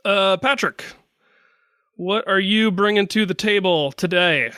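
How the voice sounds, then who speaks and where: A man's voice: high-pitched, measured pace, pushed and bright, clean tone, no room sound, clean studio sound. A man hosting a podcast, reading listener mail and joking with his co-hosts in casual chat. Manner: chatty, self-correcting, joking. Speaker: podcast host.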